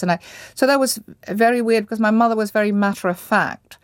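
A woman from Indonesia, an interview guest, thoughtfully recalling her past with pauses and restarts as she searches for words. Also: on the high side, no room sound, clean studio sound. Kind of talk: reflective personal recollection.

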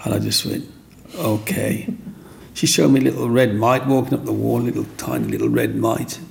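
Gravelly older man. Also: on the low side, normal speed, slight background noise. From Black Country, England. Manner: rambling, animated, acts out voices. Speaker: interviewee. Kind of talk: storytelling interview.

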